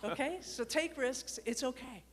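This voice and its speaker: A woman who coaches leaders gives a lively motivational talk to a live audience. She asks the crowd questions and tells stories from her days as an emergency dispatcher. Her voice sits a little high. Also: a little slow, a little hiss or hum.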